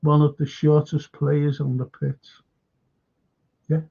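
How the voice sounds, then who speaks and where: A man hosts a live fan show, talking slowly with a gravelly, husky voice set a little high. He answers viewers by name and keeps repeating his points with emphasis and the odd swear word. The sound is dull and lo-fi. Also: little pitch movement, dark tone. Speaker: fan channel host.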